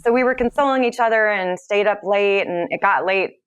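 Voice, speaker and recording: A woman, a podcast guest, recounting a personal story in an earnest, halting way, with many fillers and restarts. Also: mid-range voice, clear, resonant tone.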